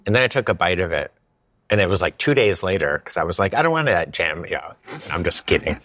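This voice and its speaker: A man's voice: low-pitched, lively intonation, fast, fairly bright tone. A man hosting a podcast, chatting casually and joking in rambling asides. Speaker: podcast host. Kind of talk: casual conversational interview. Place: lives in Paris.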